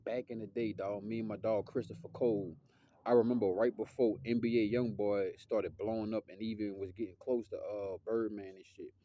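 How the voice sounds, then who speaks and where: A young man, talking in a loose, slangy, rambling monologue that drifts off topic. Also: mellow. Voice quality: deep voice. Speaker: musician vlogger.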